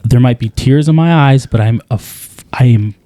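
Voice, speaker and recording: A man co-hosting a podcast, talking earnestly in a casual conversation, with many halting restarts. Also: medium pitch, mellow, no echo. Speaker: podcast co-host.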